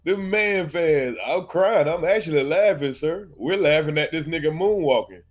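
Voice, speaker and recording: A man's voice: on the high side, normal speed. A man hosts a stream in a slightly raised voice, taunting critics and breaking into laughter between jabs. The sound is dull and lo-fi, with faint music underneath. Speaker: host of a reaction channel. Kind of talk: mocking live commentary.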